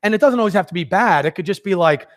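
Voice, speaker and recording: Brief: male workshop presenter, slightly high voice, lively and conversational, coaching a room on sales. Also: rapid-fire. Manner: energetic, conversational, acts out sales dialogues. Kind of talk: live workshop teaching.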